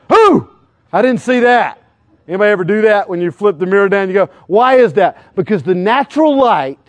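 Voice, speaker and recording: A middle-aged evangelist with a high-pitched voice preaches a sermon in a dry recording. He's animated, firing questions at his listeners and acting out everyday scenes.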